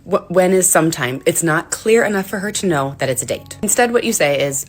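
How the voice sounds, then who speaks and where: A woman giving clear, instructive dating advice to camera. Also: lowish voice, lively intonation, brisk.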